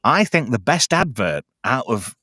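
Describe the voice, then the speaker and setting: A man's voice: medium pitch, sing-song, a little slow, bright, forceful tone, no room sound, clean studio sound. A man hosting a casual film chat, crude jokes and many fillers. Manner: chatty, crude joking, lots of fillers. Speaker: podcast host.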